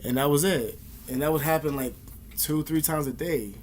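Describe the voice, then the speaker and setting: At a normal speed, a young man vlogs a personal story to camera in a casual register thick with slang, swearing and fillers. His voice leans high and a little mellow, over a slight hiss or hum.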